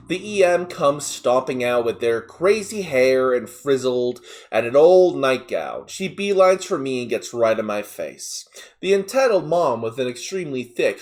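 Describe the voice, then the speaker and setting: A man narrating an online story aloud, with animated storytelling and casual asides. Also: medium pitch.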